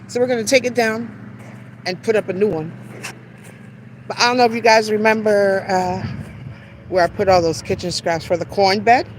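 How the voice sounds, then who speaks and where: A woman's voice: mid-range voice, fairly even intonation, moderate pace, long pauses, a little hiss or hum. Chatty woman touring her garden live. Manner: chatty, greets viewers by name, self-deprecating. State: out of breath while walking. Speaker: garden channel host. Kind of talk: casual live-stream garden tour. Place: outdoor backyard garden.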